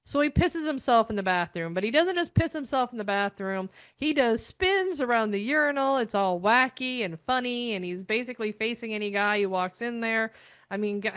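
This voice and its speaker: Casting note: middle-aged woman, US, sarcastic TV reviewer, smooth clear voice, fairly high, dry close sound. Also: lively intonation, moderate pace, a bit bright, dry recording. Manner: sarcastic, exasperated, rambling. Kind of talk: ranting episode review.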